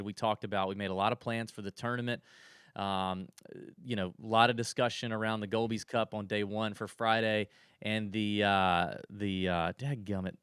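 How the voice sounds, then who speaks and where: A man co-hosting a podcast chats casually, rambling through stories and often restarting his sentences. His voice sits on the low side, a bit bright, clear and resonant. The recording is dry and studio quality.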